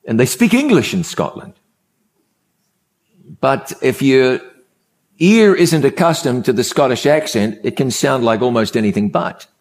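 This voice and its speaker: A man's voice: medium pitch, lively intonation, measured pace, long pauses, a little mellow. A man preaching a sermon, telling a story in an emphatic way and repeating key phrases for effect.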